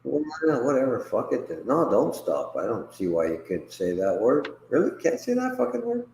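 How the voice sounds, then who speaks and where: A man's voice: fairly low pitch, very animated, moderate pace, a little mellow, roomy sound, slight background noise, poor audio. A man hosting a casual livestream chat, rambling and profane, laughing often between remarks. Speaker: host.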